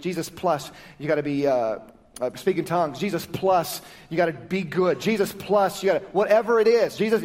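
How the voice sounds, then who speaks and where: A male pastor giving a sermon in a conversational, lively style, often restarting phrases as he explains. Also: on the high side. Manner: conversational, lively, self-correcting preaching. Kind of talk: sermon with prayer and Bible teaching.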